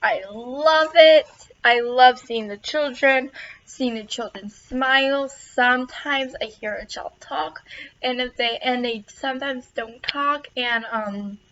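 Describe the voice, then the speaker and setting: A woman's voice: high voice, takes it slowly, fairly bright tone, lo-fi sound. A young adult woman, a college student, giving an earnest self-recorded class introduction and repeating words for emphasis.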